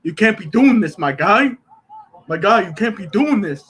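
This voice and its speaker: A man's voice: high voice, lively intonation, normal speed, fairly bright tone, a little hiss or hum, pitched above the performer's own voice. A man voicing a swaggering young man who makes over-the-top threats. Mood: menacing. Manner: boastful, menacing banter.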